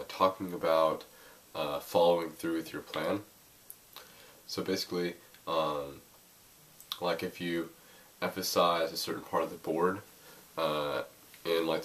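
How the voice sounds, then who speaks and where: Young male teacher, deep voice, casual and hesitant, slightly off-mic. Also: far from the mic. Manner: hesitant, many ums and uhs. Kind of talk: casual spoken lesson over a board. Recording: faint noise, voice a bit off-mic.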